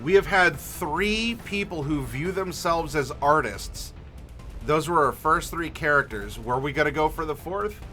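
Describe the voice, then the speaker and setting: A man hosting a livestream as game master, friendly and unhurried, asking chat for dice rolls and pausing with fillers. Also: fairly high pitch, sharp tone, faint music behind. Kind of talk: livestream character creation, talking to chat.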